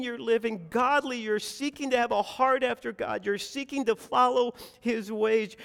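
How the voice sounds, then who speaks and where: A man with a notably high voice delivers an impassioned sermon, stepping into the voice of anguished prayers and circling back on his own phrases. His words ring out with a long reverb across a large church sanctuary. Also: creaky, a bit bright. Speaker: pastor.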